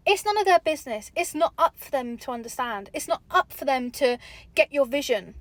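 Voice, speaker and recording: A woman's voice: high voice, lively intonation, a little fast, no echo. A young woman giving candid, chatty motivational talk to camera, swearing casually. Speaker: vlogger.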